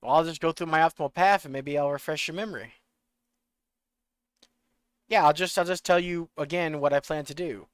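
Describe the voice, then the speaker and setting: A man streaming a video game, chatting casually, rambling and swearing in his excitement, with a slight rural American accent. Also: fairly high pitch, a little fast, long pauses, clean tone, no room sound.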